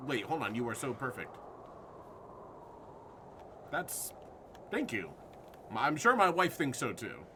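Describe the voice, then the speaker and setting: A man's voice: a little high, noisy background. A man streaming a horror game live, jumpy and swearing at scares while chatting with his viewers.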